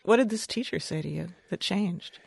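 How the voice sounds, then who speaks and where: A woman's voice: medium pitch, moderate pace, vocal fry, a little mellow, breathy edge, no room sound. A woman interviewing a guest, asking probing, thoughtful questions.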